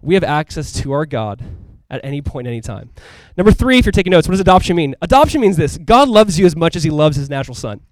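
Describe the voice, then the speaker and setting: Fast-talking, animated male pastor. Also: on the high side, no echo. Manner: casual, conversational preaching with frequent asides; animated, emphatic delivery. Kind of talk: sermon.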